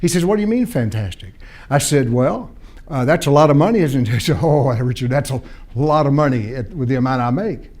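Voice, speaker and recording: A man's voice: medium pitch, a little fast, a little mellow. A man speaking to an audience at a seminar, telling a story and acting out both sides of a conversation, often repeating and restarting phrases.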